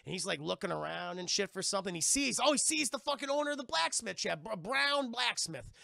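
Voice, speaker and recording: A male streamer rambles through a film plot for his chat, animated and profane. His voice is high, bright and forceful, with heavy vocal fry. The sound is close and dry, with no room echo. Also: fairly quick. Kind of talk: casual retelling of a film to chat.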